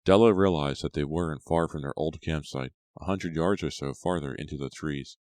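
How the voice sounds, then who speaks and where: A man narrating an audiobook in a steady storytelling voice. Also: rumbling low, normal speed, no echo. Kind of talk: scripted narration.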